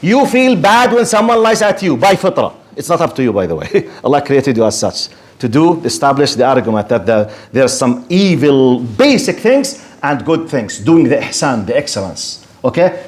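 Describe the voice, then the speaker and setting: A man who speaks natively, giving a religious lecture in English. He argues animatedly and rhetorically, playing out debates with imagined objectors. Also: medium pitch. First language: Arabic. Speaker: Islamic lecturer.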